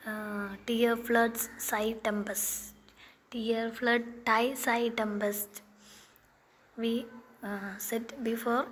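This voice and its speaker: Slow-talking woman teaching a poem. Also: on the high side, fairly bright tone. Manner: asks questions then answers them, halting restarts. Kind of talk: quiz-style poetry lesson. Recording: faint background noise.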